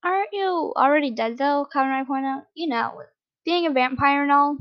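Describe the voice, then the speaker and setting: A woman voicing a goofy, excitable young man. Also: high-pitched, fairly quick, pitched above the performer's own voice, close to an everyday voice. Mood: eager. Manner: chatty, nervous, eager. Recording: dull lo-fi recording.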